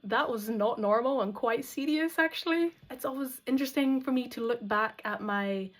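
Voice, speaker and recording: A woman's voice: fairly high pitch, normal speed, fairly bright tone. A Scottish woman in her thirties from the Outer Hebrides tells a personal story as a vlog voice-over, chatty, candid and reflective. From Outer Hebrides, Scotland. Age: 30s. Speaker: vlogger.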